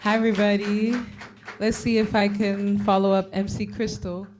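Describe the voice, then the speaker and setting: A woman from Cameroon introducing her poetry performance, thanking organizers with relaxed, hesitant fillers. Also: medium pitch, normal speed, faint music behind. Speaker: performing poet and musician. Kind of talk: stage introduction before a performance.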